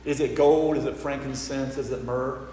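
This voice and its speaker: A man from the American South with a Southern accent, a priest giving a sermon and telling stories with lively quoted voices. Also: medium pitch, normal speed, a little hiss or hum. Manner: storytelling, animated when acting out quotes. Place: church. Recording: roomy church with long reverb, faint ambience.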